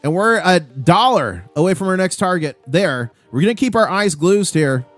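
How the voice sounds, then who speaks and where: A man's voice: high voice, expressive, normal speed, no echo, soft background music. A man hosting a live stream, calling out gold and silver prices in a hyped, auctioneer-like rush. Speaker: livestream host. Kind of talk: live market commentary.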